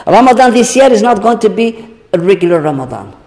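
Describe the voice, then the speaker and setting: Male lecturer addressing a congregation; slow, emphatic rhetorical questioning; echoey hall recording. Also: high voice, sing-song, a little mellow. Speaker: Islamic teacher. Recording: long reverb of a large hall.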